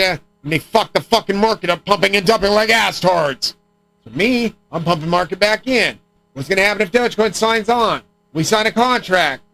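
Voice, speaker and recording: A man's voice: on the high side, a bit bright, poor audio. A man streaming alone, rambling and swearing as he talks. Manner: profane, rambling rant. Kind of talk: rambling livestream talk.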